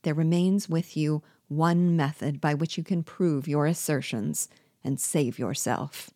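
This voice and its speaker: A woman's voice: deep voice, fairly even intonation, a little slow, warm tone, no echo, clean studio sound. A woman doing a cold, commanding rebel general. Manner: cold and clipped, then impatient.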